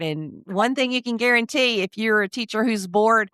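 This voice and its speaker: A woman's voice: on the high side, normal speed, fairly bright tone, clear, resonant tone, dry recording, clean studio sound. A woman hosting a podcast, asking questions and signing off in an upbeat, encouraging way. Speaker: podcast host. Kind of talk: podcast interview and sign-off.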